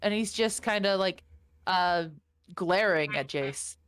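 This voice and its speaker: A woman's voice: fairly low pitch, slow pace, fairly bright tone, smooth. A woman narrating as game master, casual and swearing a lot. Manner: casual, swearing, voices the figures. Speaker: dungeon master.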